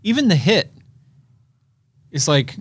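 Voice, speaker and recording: Animated opinionated male movie-chat host. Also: on the high side, takes it slowly, slightly rough.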